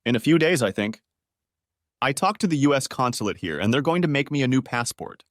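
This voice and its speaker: A man's voice: medium pitch, lively intonation, brisk, no room sound, clean studio sound, close to an everyday voice. A man voicing a desperate, unfaithful young wife who pleads tearfully for forgiveness. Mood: coaxing.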